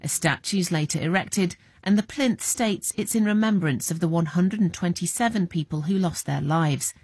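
A woman narrates a documentary in a measured, even scripted delivery. Her voice is low and slightly breathy, and the sound is close and dry. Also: no echo.

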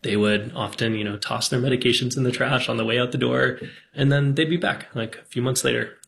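A psychiatrist, a man, speaking slowly and thoughtfully in an interview clip. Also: mid-range voice, fairly even intonation, creaky, a bit bright. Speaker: psychiatrist and medical director.

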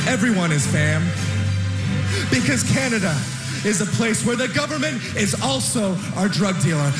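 A man delivering a comedic stage monologue, shouting over a cheering crowd in a large live venue. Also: very high voice, exaggerated voice. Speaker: awards show host. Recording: echoey live hall with loud music.

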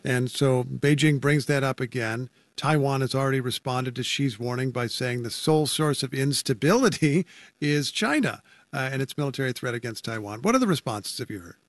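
A man's voice: medium pitch, moderate pace, no echo. A man anchoring a radio news program, speaking conversationally with wry asides as he introduces reporters and guests.

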